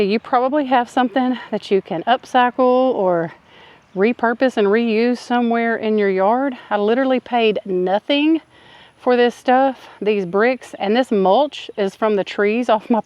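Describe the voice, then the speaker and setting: Outdoors in her yard, a woman vlogger chats casually and enthusiastically while gardening, sounding folksy and now and then a little out of breath. Her voice is medium-pitched with a darkish tone, and the recording is dry and dull.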